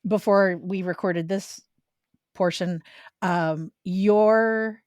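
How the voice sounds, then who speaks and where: A woman's voice: mid-range voice, fairly even intonation, drawn-out words, a little mellow, dry recording, studio quality. A woman co-hosting a podcast, talking in a playful, teasing way and laughing easily. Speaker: podcast co-host. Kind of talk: casual chat.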